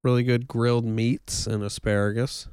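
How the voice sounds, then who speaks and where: A man co-hosting a podcast in casual chat, joking around in a playful deadpan way. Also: medium pitch, moderate pace, smooth, dry recording, clean studio sound. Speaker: podcast co-host. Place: houseboat cabin.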